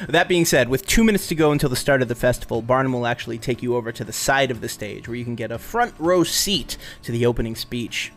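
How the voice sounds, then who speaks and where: A man's voice: quick pace, few pauses. Laid-back male game master, laughing often. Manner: relaxed, laughs often, booms out character speeches. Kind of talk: narrating a tabletop game.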